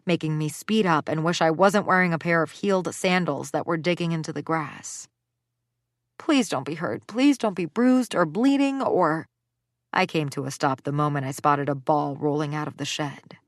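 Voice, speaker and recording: A woman narrates an audiobook in the first person, giving the lines expression. Her voice sits on the low side. The sound is dry and close, with no room around it. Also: no room sound.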